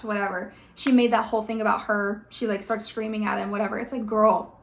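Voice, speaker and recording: A woman's voice: medium pitch, flat delivery, fast talker, creaky. A woman vlogger giving casual, opinionated commentary, ranting emphatically with lots of "like" and "okay?". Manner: emphatic, rants with many "like" and "okay?". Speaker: vlogger reviewing a TV adaptation.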